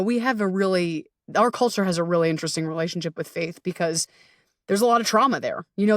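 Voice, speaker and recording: A woman's voice: medium pitch, dry recording. Candid, swearing woman podcast host, dry distant sound. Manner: candid and animated, swears freely, acts out inner dialogue. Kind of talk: casual solo podcast talk.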